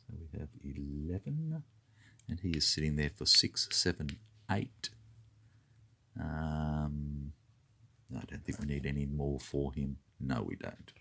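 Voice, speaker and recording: A man with a remarkably deep voice walks through a tabletop wargame turn. He counts moves and dice totals aloud in a methodical, unhurried way, his pitch rising and falling freely. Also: animated, vocal fry, a bit bright, husky. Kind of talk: talking through a board game turn.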